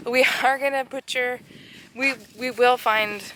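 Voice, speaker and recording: A woman's voice: on the high side, steady tone, takes it slowly, fairly bright tone, slight background noise, poor audio. A woman chatting casually and rambling with light jokes while walking through her backyard garden in winter. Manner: rambling, jokey, laughs often. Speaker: vlogger.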